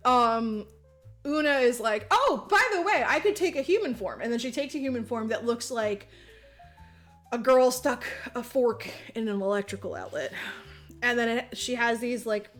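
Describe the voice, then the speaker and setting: A woman's voice: a little high, moderate pace, fairly bright tone, soft background music. A woman co-hosting a podcast, recapping a movie in casual chat, giggling, swearing freely and acting out the characters' lines. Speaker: podcast co-host.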